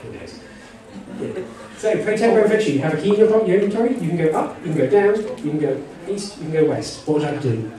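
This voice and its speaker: A man's voice: on the high side, expressive, quick pace. A man running a live text-adventure game for a convention audience, rambling and joking with lots of "you know" asides. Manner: jokey and rambling, full of "you know" asides, laughing often. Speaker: game master. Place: convention panel room with an audience. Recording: echoey hall, far from the mic, crowd noise.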